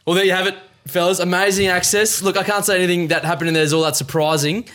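Joking quizmaster, higher voice. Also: male voice, steady tone, fast talker, fairly bright tone. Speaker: podcast co-host running a quiz. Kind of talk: casual podcast chat.

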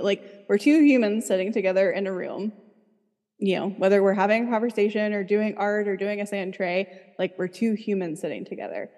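Mellow-voiced woman therapist, chatty. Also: medium pitch, a little fast, long reverb tail. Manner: chatty, fills speech with "like". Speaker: licensed therapist, guest. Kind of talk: casual interview talk.

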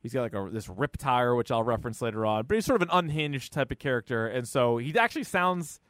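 A man's voice: mid-range voice, lively intonation, fast, fairly bright tone, no room sound, clean studio sound. A man hosting a podcast, rambling casually and poking fun at his own interviewing. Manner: self-deprecating, rambling. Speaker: podcast host.

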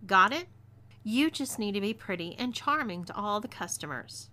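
A woman's voice: medium pitch, lively intonation, normal speed, pushed and bright. Texan woman playing Zelia, a fiery female outlaw. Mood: bossy. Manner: bossy, threatening drawl.

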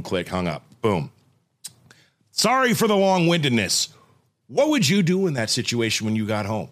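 A man's voice: medium pitch, very animated, moderate pace, a bit bright. A man in his forties telling a family story in a casual chat, acting out the voices of others as he goes. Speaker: podcast co-host.

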